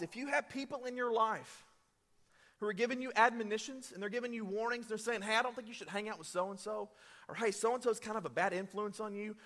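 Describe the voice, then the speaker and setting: High, bright-voiced preacher in a reverberant hall. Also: male voice. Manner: energetic, conversational preaching with asides. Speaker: pastor. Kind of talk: sermon with scripture reading.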